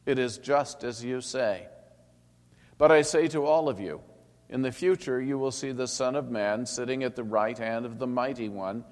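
A man voicing a composed teacher who speaks calmly, measured and firm. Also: medium pitch, pitched above the performer's own voice, lightly acted. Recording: long hall reverb.

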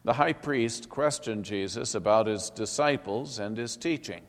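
A man reading a Bible passage aloud in a steady, solemn manner. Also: fairly low pitch, a little slow, hardly any pauses. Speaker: scripture reader. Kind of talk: scripted Bible narration. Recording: long hall reverb.

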